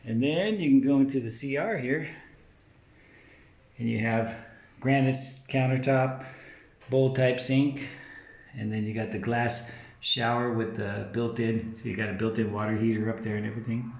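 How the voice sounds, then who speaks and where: A man's voice: medium pitch, steady tone, moderate pace, gravelly, a little mellow. A man narrating a casual walkthrough of a house as he films it, pointing things out as he walks from room to room. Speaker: house tour vlogger. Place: inside a large house.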